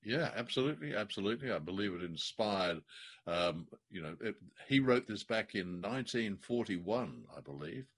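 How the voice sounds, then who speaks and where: A man co-hosts a casual podcast with a fairly low voice. He talks in a thoughtful, wry way and now and then slows right down to stress a point. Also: lively intonation. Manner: thoughtful and wry, sometimes slowing down for emphasis. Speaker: podcast co-host. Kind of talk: casual chat reviewing an old radio drama.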